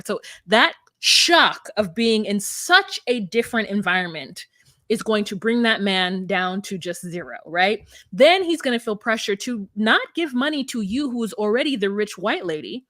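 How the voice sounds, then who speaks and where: A woman's voice: medium pitch, normal speed, no echo. Woman podcaster, chatty recap voice that slips into mock quotes, dry close sound. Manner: animated, acts out quotes in character voices. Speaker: podcast co-host. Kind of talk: casual reality TV recap chat.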